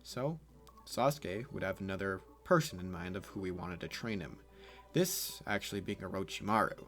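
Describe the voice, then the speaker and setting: A man's voice: sits low, moderate pace, a bit bright, soft background music. Rambling, profane male storyteller. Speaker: YouTube storyteller. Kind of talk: casual what-if story narration.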